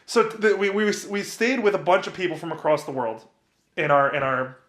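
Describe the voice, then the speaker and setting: Young man, from New Jersey, casual podcast chat, rambling, repeats himself, fairly high voice. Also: lively intonation, a little fast, fairly bright tone. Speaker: podcast co-host. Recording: roomy echo.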